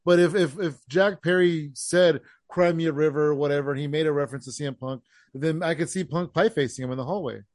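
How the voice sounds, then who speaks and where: A man co-hosting a casual wrestling podcast, quick to agree and fond of floating theories. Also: a little high, darkish tone, no room sound. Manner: quick to agree, speculative, laughs easily. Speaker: podcast co-host.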